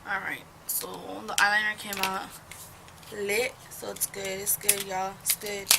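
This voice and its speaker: A woman's voice: mid-range voice, monotone, a little slow, very noisy. A young woman in her home chatting casually while doing her makeup, telling a rambling, profane story full of gossip. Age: young adult. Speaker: beauty vlogger. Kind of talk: get-ready-with-me storytime chat.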